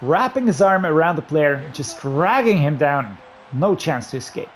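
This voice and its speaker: A man giving running commentary while playing a football video game, excitedly talking through his play calls to himself. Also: a little high, normal speed, slight background noise. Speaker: gaming YouTuber. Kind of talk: live gameplay commentary.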